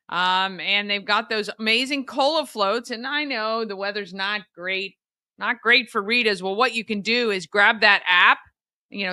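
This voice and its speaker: A woman's voice: mid-range voice, sharp tone, no room sound, clean studio sound. A woman hosting a local morning show, chatting casually and reading sponsor spots in an upbeat way. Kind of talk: casual chat and live sponsor reads.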